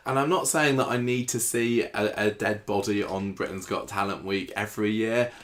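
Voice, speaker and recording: A man with a fairly low voice talks through a soap episode with a co-host. He keeps it casual and chatty, retelling scenes and tossing in quick quoted lines along the way. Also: fairly even intonation, fairly bright tone. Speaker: soap opera recap host. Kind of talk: casual chat.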